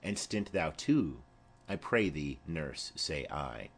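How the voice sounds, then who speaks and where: A man's voice: extremely low pitch, animated, slow pace, husky, voice pushed down, exaggerated voice. A man reading a dutiful young girl. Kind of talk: audiobook play reading.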